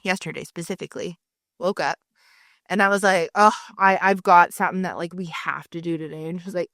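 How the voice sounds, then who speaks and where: A woman co-hosting a podcast in casual chat, telling stories lively and acting out the people she quotes. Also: fairly low pitch, a little fast, no echo, clean studio sound. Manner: animated storyteller, acts out quoted people. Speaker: podcast co-host.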